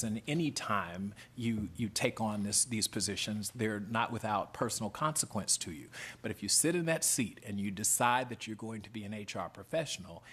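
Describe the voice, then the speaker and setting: Middle-aged man, association head at a hearing; low, husky, emphatic and earnest. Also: fairly bright tone. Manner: earnest, emphatic, speaks in short punchy statements. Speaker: head of a professional HR association testifying. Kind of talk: committee hearing testimony.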